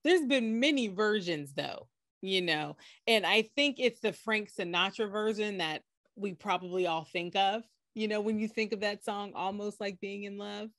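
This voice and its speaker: Measured, hesitant woman co-host. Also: mid-range voice, fairly bright tone, dry recording, studio quality. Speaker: podcast co-host. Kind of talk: casual chat.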